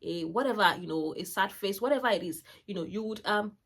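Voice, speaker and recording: This channel host, a mother around forty, talks fast in a mid-range voice. She shares parenting advice to camera in a warm, chatty, rambling style, full of fillers and restarts.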